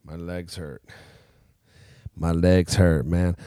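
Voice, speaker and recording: Male podcast co-host, low voice, rambling and jokey, dry close sound. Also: steady tone, slow pace, mellow, clear, resonant tone, no room sound. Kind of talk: casual chat.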